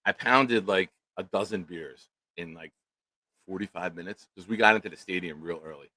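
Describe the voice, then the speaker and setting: A middle-aged man, a co-host telling a profane, comedic story in loud, animated rants. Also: sits low, moderate pace, no room sound, poor audio. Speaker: podcast co-host.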